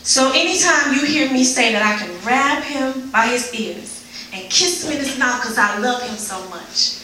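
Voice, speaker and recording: Woman reading her own spoken word piece, emotional, goes hushed then pleading, big echoey room, faint noise. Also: high voice, normal speed, distant mic. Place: live event before an audience.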